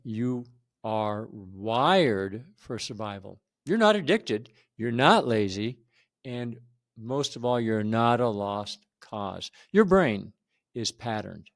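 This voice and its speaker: A man hosting a men's support channel, talking straight to viewers in an earnest, emphatic and reassuring way. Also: mid-range voice. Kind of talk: direct-to-camera talk.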